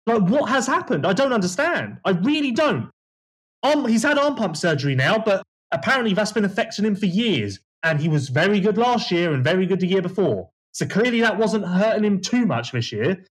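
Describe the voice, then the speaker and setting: Lively husky-voiced man. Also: high voice, a little fast. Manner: animated, opinionated analysis. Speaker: podcast co-host. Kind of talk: casual motocross chat.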